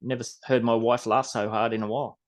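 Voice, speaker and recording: A man's voice: medium pitch, flat delivery, quick pace. A man with an Australian accent hosting a podcast in rambling, casual chat, swearing mildly. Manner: rambling, chatty, mild swearing. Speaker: podcast host.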